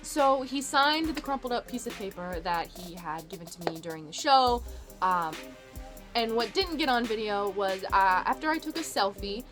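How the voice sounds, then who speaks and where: A woman's voice: medium pitch, lively intonation, moderate pace, over music. A woman in her twenties telling a story to camera as a vlogger, gushing and bubbly, repeating words for emphasis. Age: 20s.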